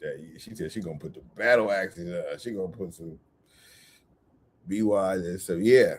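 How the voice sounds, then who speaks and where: A man telling a casual story, animated, often laughing and repeating himself. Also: low-pitched, moderate pace, slight background noise. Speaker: vlogger.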